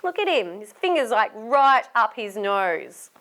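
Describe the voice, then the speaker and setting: A woman with an Australian accent, a children's entertainer reading a picture book aloud, animated and asking young listeners to join in. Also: on the high side, measured pace, few pauses. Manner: animated, asks young listeners questions and invites them to join in.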